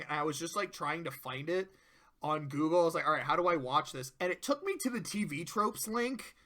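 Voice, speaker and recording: Retelling an episode's scenes, this male video reviewer speaks in a high, bright voice and keeps things loose and animated. He curses a lot and drops into quick impressions of the characters whenever he quotes them.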